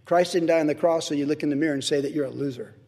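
Middle-aged guy preaching, talks high, lots of emphasis, big hall echo. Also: racing, a little mellow. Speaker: pastor. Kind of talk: sermon. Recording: long reverb of a large hall.

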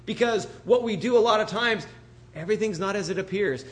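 A man preaching a sermon as a pastor, animated and full of rhetorical questions, often acting out the voices of others. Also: sits high, brisk. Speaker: pastor planting a church.

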